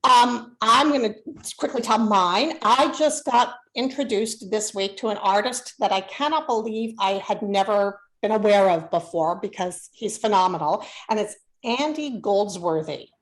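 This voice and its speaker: A woman co-hosting a casual online talk show at a mid pitch. She chats easily and often stumbles through ums and uhs. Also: unhurried, hardly any pauses, fairly bright tone, rough recording. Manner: chatty, with hesitant fillers. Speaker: co-host. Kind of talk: casual chat.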